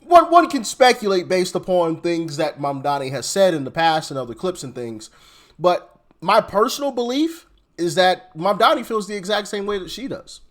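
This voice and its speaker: A man with a slightly high voice talks through his reaction commentary in a loose, rambling way. He circles back, repeats words and restarts his sentences as he thinks aloud. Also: very animated, moderate pace. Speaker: commentary channel host.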